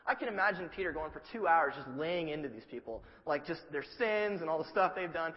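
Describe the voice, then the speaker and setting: A male preacher giving a sermon, telling the story in a lively, humorous way with acted-out asides. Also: a little high, fast, hardly any pauses, big-room sound, lo-fi sound.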